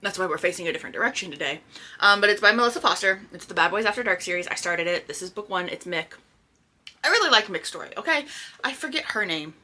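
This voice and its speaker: A woman's voice: medium pitch, pushed and bright. A young woman chatting casually about books she read, scattered and full of restarts and fillers. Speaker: book vlogger. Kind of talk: casual chat. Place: indoors at home by a sunny spot.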